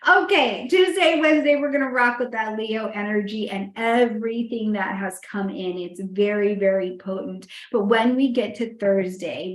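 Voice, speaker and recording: A woman astrologer giving a casual weekly horoscope talk, chatty and animated, often checking in with "you know" and "right?". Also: on the high side. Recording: echoey room.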